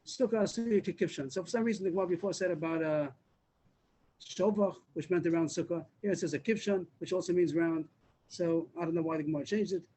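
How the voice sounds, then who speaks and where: Fast-talking man teaching a Talmud class. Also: high voice, dark tone, slightly rough, rough recording. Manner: explains step by step, repeats words, many restarts. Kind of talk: Daf Yomi class. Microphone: video call.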